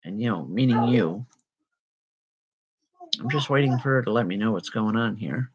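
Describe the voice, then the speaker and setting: A woman's voice: rumbling low, normal speed, slightly rough, highs cut off. A woman working as a spiritual medium, giving readings. She calls people by name and passes on spirit messages in a reassuring way. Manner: addresses people directly by name.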